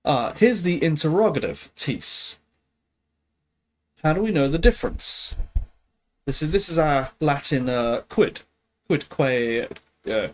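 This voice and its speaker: On a live stream, a man studying Greek tackles a language exercise, thinking out loud at a leisurely pace and hesitantly checking his own work. His voice runs on the high side.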